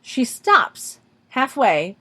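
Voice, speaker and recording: A woman's voice: a little high, wildly swooping pitch, drawn-out words, fairly bright tone, breathy edge. A woman co-hosting a podcast, recapping an episode step by step in casual chat with dry asides. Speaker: podcast co-host.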